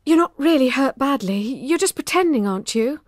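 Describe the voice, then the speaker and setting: A woman voicing a stubborn, sharp-tongued young girl who snaps at her friend. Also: high voice, lively intonation, moderate pace, dry recording, clean studio sound, voice pushed up. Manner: sharp and snappish.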